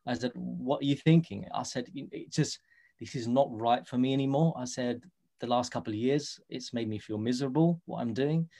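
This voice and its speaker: A man's voice: mid-range voice, moderate pace, gravelly, warm tone. A man in his thirties with a London accent, a podcast guest earnestly telling his story and acting out the dialogue he quotes. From England. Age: 30s. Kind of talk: casual podcast interview.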